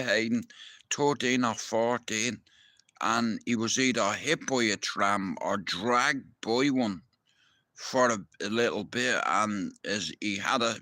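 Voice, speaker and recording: A man's voice: fairly low pitch, sharp tone, dry recording. Heated, profane Irish man. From Ireland. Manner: heated, profane, talks to viewers directly. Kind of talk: ranting live-stream monologue.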